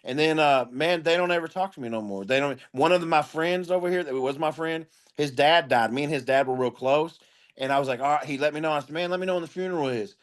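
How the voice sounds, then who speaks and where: A man's voice: fairly high pitch, quick pace. Blunt, profane man with a raised voice. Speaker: guest comedian. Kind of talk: candid interview storytelling.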